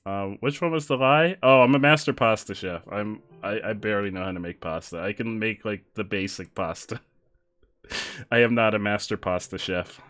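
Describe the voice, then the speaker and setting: Soft music plays in the background as a man with a lowish, slightly bright voice talks at a moderate pace during a gaming stream. He chats casually with viewers, jokes and laughs a lot, and reads messages from chat aloud.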